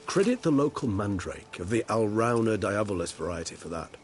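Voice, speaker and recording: A man's voice: fairly low pitch, sing-song, a little fast, slight background noise. An actor playing a refined, ironic male vampire in a video game, with eloquent, theatrical phrasing. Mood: genial. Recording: game audio with music underneath. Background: music.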